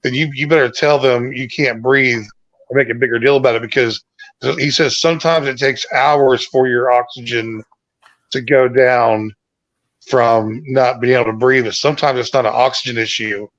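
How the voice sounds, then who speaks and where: A man's voice: medium pitch, steady tone, normal speed, fairly bright tone, no room sound. A man co-hosting a casual livestream chat, telling stories in a rambling, hesitant way. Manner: rambling, hesitant storytelling with restarts. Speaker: co-host. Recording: dry, dull lo-fi mic.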